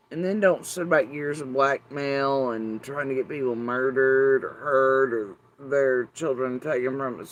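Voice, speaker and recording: A woman with a deep voice and an Appalachian accent, ranting to camera in a profane, sarcastic monologue. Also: slight background noise. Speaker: vlogger.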